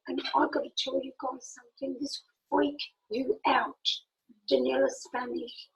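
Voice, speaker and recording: A middle-aged woman tells a personal story with lively energy, acting out both sides of the conversation. Her voice sits high. A gravelly fry runs through it. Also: moderate pace, poor audio. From Italy. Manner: animated, acts out quoted dialogue, laughs often. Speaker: speaker.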